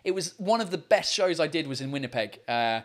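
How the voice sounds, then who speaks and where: Animated and brisk, this high-voiced man runs a live-stream show where he chats with callers in a cheerful, talkative way, often tripping over and repeating his words. The sound comes from his computer mic on a video call.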